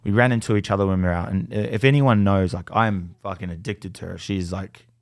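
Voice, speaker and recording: Low-pitched, fast, and creaky, a young Australian man appears as a podcast guest telling stories in casual chat. He's animated, swears freely, and acts out others' lines, captured in clean studio sound with no room sound.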